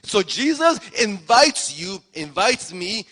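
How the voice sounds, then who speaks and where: A man preaching a sermon as pastor, animated and repetitive, acting out the speakers in the story. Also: sits high, takes it slowly, few pauses. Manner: animated preaching, repeats phrases, acts out voices. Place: church sanctuary. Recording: long hall reverb.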